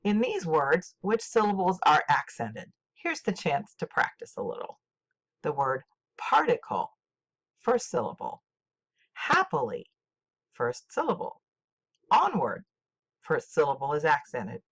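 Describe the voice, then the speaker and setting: Older woman, teacher, low voice, lively intonation, deliberate clear delivery. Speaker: literature teacher. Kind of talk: scripted instructional lesson. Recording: dull lo-fi recording.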